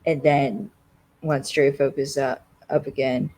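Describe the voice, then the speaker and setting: A podcast co-host casually recapping a TV episode, rambling and filling every pause with "like.". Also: medium pitch, flat delivery, darkish tone, rough recording. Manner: rambling, constantly says "like".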